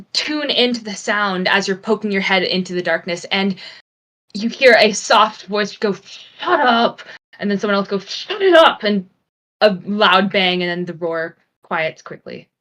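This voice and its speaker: A woman narrating a tabletop game as game master, dramatic and dropping to a hush for suspense. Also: medium pitch.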